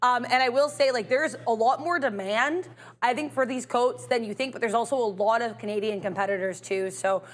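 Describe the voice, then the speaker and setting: A woman's voice: on the high side, brisk. A woman co-hosting a live trading stream, talking casually and chattily with lots of filler words. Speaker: co-host. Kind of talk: casual market chat.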